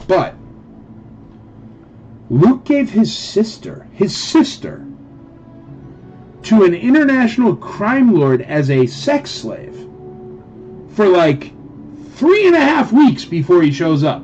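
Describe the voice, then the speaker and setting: A man's voice: sits high, big pitch swings, slow, pauses often, darkish tone, slight background noise. Sarcastic ranting man, dull lo-fi sound. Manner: sarcastic, ranting, mocks with put-on quotes. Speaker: live auction seller. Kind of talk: casual ranting chat.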